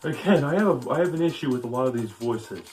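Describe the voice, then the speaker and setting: A man's voice: mid-range voice, lively intonation, fast, loud music behind the voice. A man giving a casual, opinionated critique of a cartoon, rambling with frequent restarts. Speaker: video commentator.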